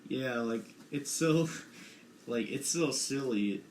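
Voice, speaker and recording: A man's voice: medium pitch, slow pace. A young man co-hosting a casual podcast, rambling and hedging as he talks, recorded in an echoey room. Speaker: podcast co-host. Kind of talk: casual chat. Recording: echoey room with faint noise.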